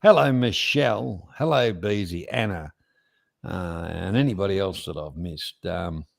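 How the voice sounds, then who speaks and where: A man's voice: low-pitched, unhurried, creaky. A man co-hosting a livestream in casual chat, dry and teasing, swearing casually. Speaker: livestream co-host.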